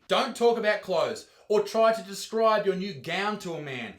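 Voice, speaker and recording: A man's voice: medium pitch, reverberant. Brash, sweary Australian man. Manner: loud, sweary, mocking rants. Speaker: comedian host. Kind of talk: profane comedic commentary.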